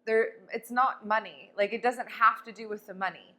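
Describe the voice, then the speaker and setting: A woman's voice: a little high, normal speed, bright, forceful tone. A woman life coach talking in a casual motivational vlog, blunt, profane and emphatic.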